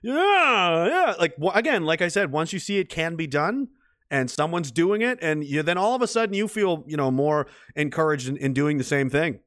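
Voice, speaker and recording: A middle-aged man with a somewhat high voice talks into a close microphone in a dry, dead-sounding room. He hosts a casual livestream and rambles loosely, swears freely and often breaks into laughter. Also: sing-song, normal speed, a bit bright, no room sound. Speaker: livestream host reading chat.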